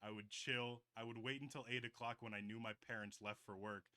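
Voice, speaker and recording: Here a podcast co-host in his twenties tells drawn-out, wandering stories over casual talk, peppered with "like" and curse words. His mid-range voice holds a steady tone, moves fairly quickly, and has a sharp edge, with no echo.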